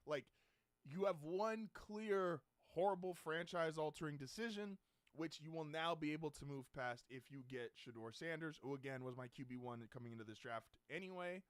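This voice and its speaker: A man's voice: on the high side, normal speed, clean tone, no echo, studio quality. A man hosting a live draft watch-along, talking casually and ranting in exasperation. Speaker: podcast host.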